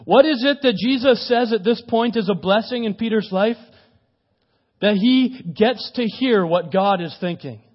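High-voiced, conversational male preacher. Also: a little slow. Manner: conversational, animated preaching with asides. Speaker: pastor. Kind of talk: sermon. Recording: dull lo-fi recording.

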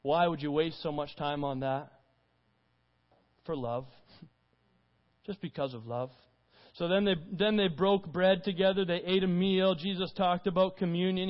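A man preaching a conversational sermon, retelling scripture informally in his own words. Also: high-pitched. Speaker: pastor. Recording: dull recording with long hall reverb.

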